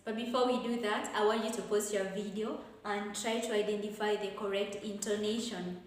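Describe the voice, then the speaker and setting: A woman with a Kenyan English accent, teaching an English revision lesson at a board and repeating example sentences slowly and deliberately. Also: mid-range voice, fairly even intonation. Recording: very echoey room, faint noise.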